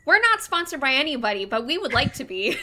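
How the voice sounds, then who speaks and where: A woman's voice: high-pitched, very animated, fast talker, heavy background noise. A woman narrating a live tabletop game as game master, rambling with fillers and restarts.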